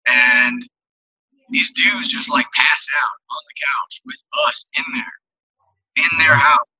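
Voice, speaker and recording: Young male guest, husky and forceful, loose and profane, heavy on filler. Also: medium pitch, lively intonation, slow pace. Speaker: touring musician guest. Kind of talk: casual storytelling chat.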